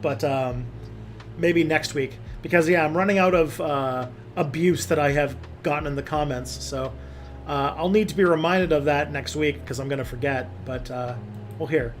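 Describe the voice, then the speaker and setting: A man's voice: fairly high pitch, normal speed, faint music behind. A young man hosting a casual livestream, reading viewer comments and rambling with many fillers and restarts. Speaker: livestream host.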